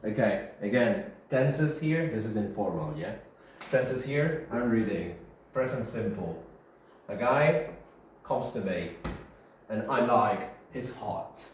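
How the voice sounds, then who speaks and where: A man's voice: lowish voice, animated, slow. A male English teacher giving a classroom grammar lesson, repeating key terms and checking in with his students. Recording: very echoey room, faint background hiss.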